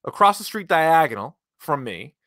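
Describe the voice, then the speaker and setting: A man's voice: a little high, big pitch swings, normal speed, fairly bright tone, no echo. A man hosting a casual podcast, dry and blunt, with a joking tone. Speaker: podcast host. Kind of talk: casual chat.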